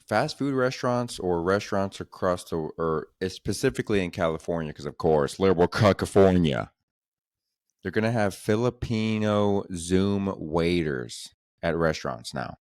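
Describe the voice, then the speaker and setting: Man, very low voice, crude rambling podcast host, dry close sound. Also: no echo. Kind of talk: casual comedy podcast chat.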